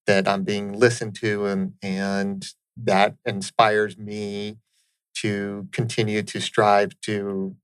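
A man's voice: on the low side, flat delivery, slow, clear, resonant tone, dry recording, low-quality recording. A man hosting a conversational interview, earnest and affirming, often checking in with "right?". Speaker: interviewer host.

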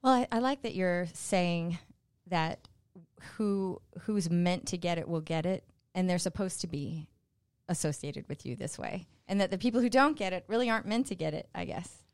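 A woman's voice: on the low side, normal speed, clear, resonant tone, no room sound, clean studio sound. A woman hosting a business radio show, interviewing a guest with encouraging, affirming replies.

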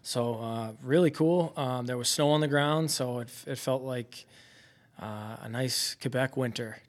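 A man's voice: medium pitch, unhurried. A young man, a professional hockey goaltender from Massachusetts, chatting easily as a podcast guest with lots of fillers and light humor. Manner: easygoing, relaxed, with many fillers and light jokes. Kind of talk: casual interview chat.

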